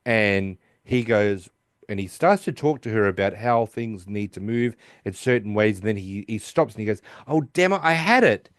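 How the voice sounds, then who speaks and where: A man's voice: normal speed, no room sound, studio quality. A man co-hosting a podcast, casually recapping an episode and acting out the characters' lines in raised voices. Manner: acts out quoted lines in higher voices. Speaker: podcast co-host.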